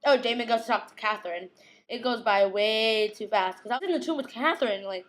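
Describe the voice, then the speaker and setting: A woman's voice: on the high side, a bit bright. Giggly young woman gushing. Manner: gushing, giggly, quotes characters in quick imitations. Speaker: vlogger recapping a TV episode. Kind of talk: casual chatty recap.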